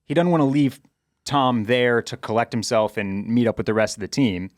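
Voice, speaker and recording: A man's voice: medium pitch, moderate pace, no echo, clean studio sound. A man co-hosting a podcast in casual chat, thinking aloud with stammered restarts. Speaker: podcast co-host.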